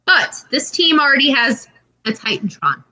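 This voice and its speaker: A woman's voice: sits high, big pitch swings, normal speed, bright, forceful tone. A woman co-hosting a podcast in casual chat, telling a story with animation and acting out quotes. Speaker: podcast co-host.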